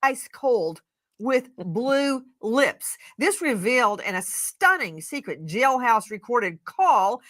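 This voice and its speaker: A woman's voice: on the high side, sing-song, takes it slowly, a bit bright. An older woman hosting a true-crime broadcast, delivering in an emphatic, punchy style. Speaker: crime show host.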